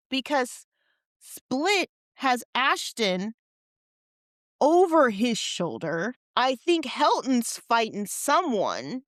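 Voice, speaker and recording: A woman's voice: fairly high pitch, very animated, very slow, a bit bright, dry recording, studio quality. A woman co-hosting a podcast, chatting casually and teasing as she recaps a game. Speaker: podcast co-host. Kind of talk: casual chat.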